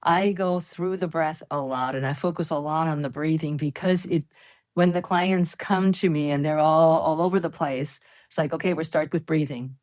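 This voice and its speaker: A woman's voice: low-pitched, fairly even intonation, moderate pace, a little mellow, no echo. A woman fitness expert as an interview guest, speaking in an earnest, encouraging, coach-like way. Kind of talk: conversational interview.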